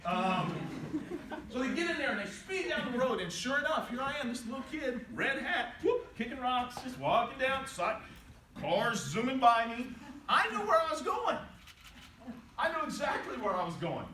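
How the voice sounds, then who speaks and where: Animated man telling stories to a hall. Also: extremely high pitch, moderate pace. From West Virginia. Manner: animated, acts out quotes with voice changes. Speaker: motivational speaker. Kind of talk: inspirational speech with storytelling. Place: large hall before a live audience. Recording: roomy, distant, noisy live hall recording.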